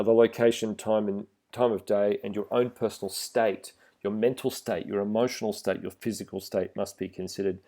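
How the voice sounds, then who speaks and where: A middle-aged man giving a relaxed, plain-spoken instructional talk to trainee driving instructors, with some fillers. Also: on the low side. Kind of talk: instructional voice-over with slides.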